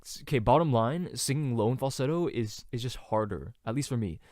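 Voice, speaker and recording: A young man hosting a casual solo podcast, rambling with many fillers and now and then trying out falsetto singing. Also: expressive, brisk, a little mellow, dry recording, clean studio sound. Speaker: podcast host.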